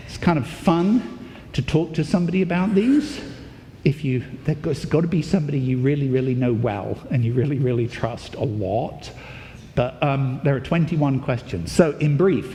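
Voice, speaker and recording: A man's voice: mid-range voice, warm tone, in a large hall, slight background noise. A male preacher giving a conversational sermon, thinking aloud with fillers and restarts. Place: church.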